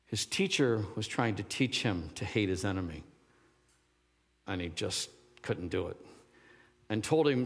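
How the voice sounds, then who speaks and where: A man's voice: fairly low pitch, lively intonation, unhurried, long pauses, breathy edge. A man preaching a sermon, rambling and searching for words, then rising to emphatic fervor. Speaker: pastor. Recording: long hall reverb.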